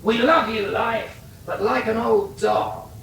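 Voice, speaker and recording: Man as low-voiced, confiding captain, roomy distant sound. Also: slow pace, gravelly, a bit bright, exaggerated voice. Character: secretive male captain, cosmic conspirator. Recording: roomy distant recording, faint rumble.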